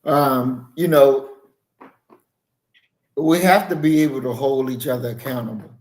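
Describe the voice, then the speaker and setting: A man hosting a podcast who speaks in a measured, affirming way with hesitant fillers. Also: mid-range voice, darkish tone. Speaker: podcast host. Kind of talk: podcast conversation. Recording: echoey room.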